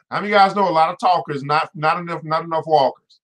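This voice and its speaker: Energetic bright-voiced male show host. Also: high-pitched, fast talker. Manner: energetic, preachy, exclamatory asides. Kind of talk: casual finance show talk.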